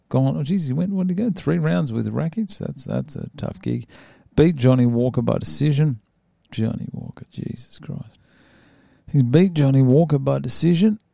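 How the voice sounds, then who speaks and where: Gravelly, dark-toned man, rambling casual fight picks, dry close sound. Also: mid-range voice, dry recording. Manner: rambling, self-mocking, stumbles over fighter names. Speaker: MMA fight predictions host.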